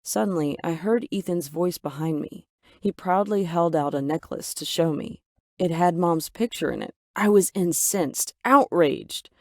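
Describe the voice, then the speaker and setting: A woman's voice: fairly low pitch, unhurried, dry recording, clean studio sound. Woman narrating a dramatic story. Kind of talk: scripted first-person narration.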